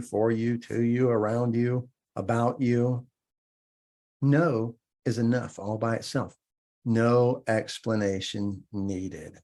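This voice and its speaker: A man's voice: mid-range voice, darkish tone. A man hosting a podcast and teaching self-defense, talking through casual advice in an emphatic way, often checking in with "right?". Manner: emphatic, repeats key points, frequent "right?".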